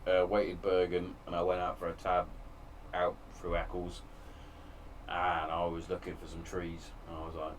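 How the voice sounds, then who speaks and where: Deep-voiced Englishman speaking frankly. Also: completely flat delivery, moderate pace, slight background noise. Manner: frank, emotional, heavy swearing. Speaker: podcast host. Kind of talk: candid casual chat. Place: home shed.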